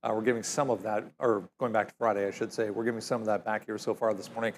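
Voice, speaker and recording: A man hosting a live market show, running through company and economic news in a steady, informative way. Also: fairly low pitch, quick pace, slight background noise. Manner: steady, informative, many fillers. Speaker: stock market show host.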